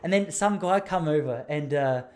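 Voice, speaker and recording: Aussie guy in his 30s, rambling jokey monologue, voice sits a bit high. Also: moderate pace. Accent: Australian. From Australia. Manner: rambling, joking, laughs often. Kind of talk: casual monologue.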